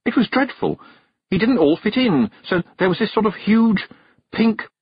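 A man's voice: sits high, expressive, moderate pace, slightly rough, no room sound, pitched above the performer's own voice. A man voicing an earnest, anxious young girl witch in an audiobook, hesitant in delivery. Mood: flustered. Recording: dull, dry narration recording.

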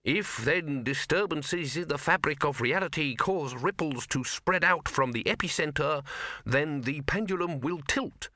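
A fussy, pedantic scholar who lingers over every word of a dense treatise, as a man puts him on. He reads in a slow, raised, precise voice with a bright tone. It is a dry, close storybook reading. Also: on the high side, animated, no room sound, pitched above the performer's own voice.

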